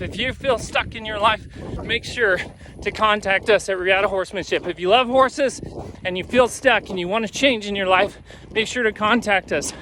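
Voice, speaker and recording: A man's voice: high-pitched, pushed and bright, a little hiss or hum. A man, a horse trainer, telling a folksy joke outdoors while riding a horse. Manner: folksy storytelling.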